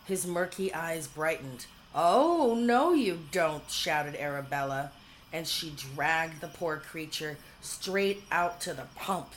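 A woman narrating a whimsical storybook in a measured, dryly humorous way. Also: low voice, fairly bright tone, a little hiss or hum, poor audio.

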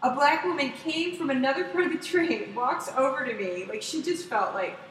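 A woman telling a story in casual chat, excitable and profane, acting out what people said in loud voices. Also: high-pitched, moderate pace. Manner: profane, excitable, acts out quotes loudly. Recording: echoey room, distant mic, faint noise.

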